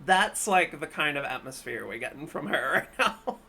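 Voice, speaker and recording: Animated woman streamer laughing a lot. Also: low voice, moderate pace, husky. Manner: animated, laughs often, exasperated rants. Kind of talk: casual reaction commentary.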